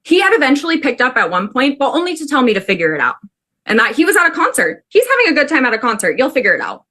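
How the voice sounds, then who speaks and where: A woman from the Pacific Northwest telling a personal story to a class in an animated, chatty way, full of "like". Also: high voice, quick pace. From Pacific Northwest, USA. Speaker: student storyteller.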